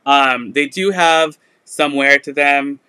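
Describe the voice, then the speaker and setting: Bright, crisp-voiced man selling live. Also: on the high side, slow pace, no echo. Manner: chatty, lots of "like" and "um" fillers. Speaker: online resale seller. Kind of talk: live sale stream, casual chat.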